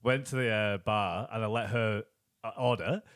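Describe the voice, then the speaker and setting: A man's voice: fairly low pitch, moderate pace, fairly bright tone. A man co-hosting a casual sports podcast, telling a joking anecdote. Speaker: podcast co-host.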